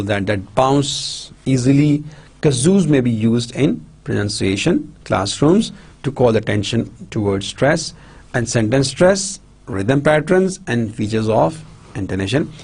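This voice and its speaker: Male lecturer with a Pakistani English accent, Urdu-native; animated pitch, lots of "right?" and restarts. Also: creaky, slightly rough. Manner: repetitive, halting, frequent checks for understanding. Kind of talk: university lecture on pronunciation.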